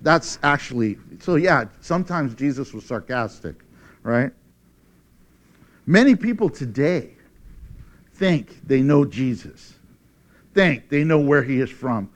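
A man preaching a sermon, reading scripture dramatically, laughing often and shouting for emphasis. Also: a little high, very animated, slow pace, pauses often.

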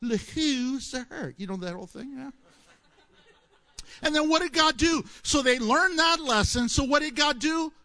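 A man preaching a sermon tells stories animatedly, posing questions to the audience and answering them himself. He acts out quoted voices with swings in pitch and loudness, speaking at a moderate pace with frequent pauses.

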